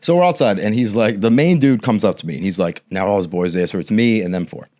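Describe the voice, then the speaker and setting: A man's voice: on the low side, quick pace, a little mellow. A young man co-hosting a podcast, telling a long story in a loose, swearing, chatty way and acting out the quotes. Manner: rambling storyteller, acts out quotes, swears casually. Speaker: podcast co-host. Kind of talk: casual storytelling chat.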